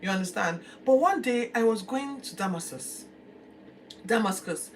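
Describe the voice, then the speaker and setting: A woman's voice: a little high, expressive, moderate pace, pitched above the performer's own voice, close to an everyday voice. A woman voicing the apostle Paul as an earnest, pleading grown man, telling his story in the first person, recorded from a distance. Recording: distant mic, faint background noise.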